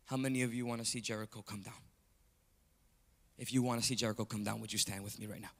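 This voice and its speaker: A man preaching a sermon, telling a story with animated energy and calling out to the congregation. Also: lowish voice, quick pace. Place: church sanctuary. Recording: long reverb of a large hall.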